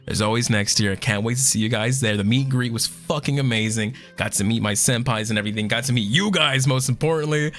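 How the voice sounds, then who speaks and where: Hoarse, excitable man streamer. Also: mid-range voice, fast talker, hardly any pauses, faint music behind. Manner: excitable, swears a lot. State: hoarse, losing his voice. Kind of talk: casual chat stream.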